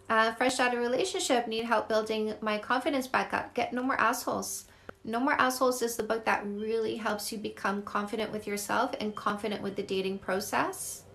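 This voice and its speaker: A woman's voice: a little high, fairly bright tone. A woman from Canada, a dating coach, answering viewer comments on a live stream in a blunt, upbeat way and swearing casually.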